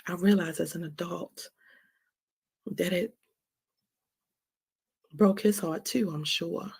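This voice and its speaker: Taking it slowly, a woman with a lowish, darkish, husky voice and vocal fry hosts her own stream, speaking frankly and emotionally about forgiveness. She talks in a confessional way, repeating phrases, often asking "right?", and swearing from time to time.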